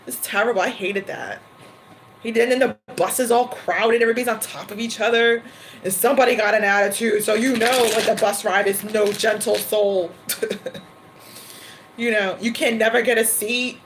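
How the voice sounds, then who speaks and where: New lady chatting on a livestream, kinda high voice, laughs a lot, bit of faint noise behind. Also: fairly even intonation, poor audio. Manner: chatty, laughing often, quick asides. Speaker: tarot reader livestream host. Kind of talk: casual chat to a livestream.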